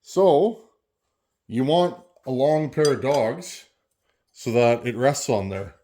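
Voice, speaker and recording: Man, workshop vlog host, chatty and rambling, mid-pitched voice, faint clinks of tools behind. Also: slow pace, dark tone, slight background noise. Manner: chatty and rambling, talks while working with tools. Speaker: chainsaw channel host.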